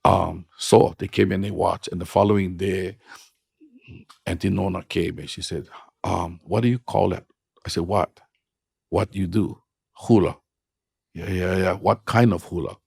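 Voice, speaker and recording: A man's voice: low-pitched, fairly even intonation, a little slow, creaky, long pauses, a little mellow, breathy edge, no room sound, clean studio sound. A middle-aged man with a Hawaiian accent, a hula teacher telling stories in casual, frank, blunt talk. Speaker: podcast guest, hula teacher. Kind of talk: casual storytelling.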